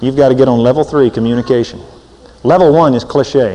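A man preaching a sermon in an animated, humorous way, swinging from loud bursts to soft asides. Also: medium pitch, quick pace. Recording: long hall reverb.

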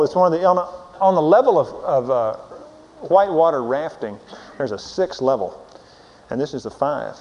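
A man preaching a sermon, telling a lively story and chuckling as he goes. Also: fairly high pitch. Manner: lively storyteller, chuckling through his anecdote. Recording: dull lo-fi recording with faint hiss.

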